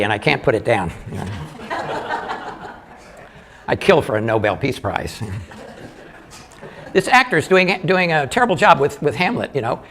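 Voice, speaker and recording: An older man doing live stand-up comedy, telling jokes in a halting way with many restarts and small chuckles. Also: fairly high pitch, fairly bright tone, slight background noise.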